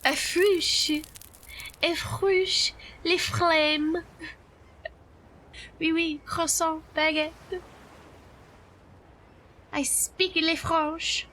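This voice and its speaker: A woman doing a deliberately horrible, exaggerated fake French accent as a playful bit on a game stream. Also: very high voice, expressive, a bit bright, exaggerated voice, rough recording. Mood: hammy.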